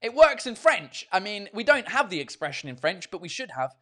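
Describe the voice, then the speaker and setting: A man hosting a casual chat with viewers, switching between English and French, animated and swearing freely, with many fillers and restarts. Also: sits high, fairly quick. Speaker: host.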